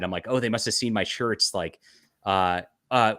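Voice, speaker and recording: A man with a lowish voice hosts a podcast and tells a casual story with animated energy, often breaking into laughter. The sound is dry and close, with no room around it. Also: fairly quick, no room sound. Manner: animated, laughs often while telling stories. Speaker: podcast host.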